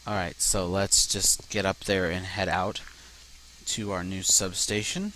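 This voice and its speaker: A man's voice: low voice, little pitch movement, measured pace, bright, forceful tone, slight background noise. A man commenting casually on his own gameplay as a let's play host, swearing often when things go wrong. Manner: swears a lot, frustrated outbursts.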